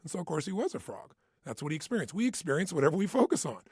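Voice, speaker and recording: A man's voice: a little high, big pitch swings, very fast, slightly rough, no room sound, studio quality. A man giving an intense, emphatic motivational talk, hammering points with punchy repetition. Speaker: motivational speaker. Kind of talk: motivational self-help talk.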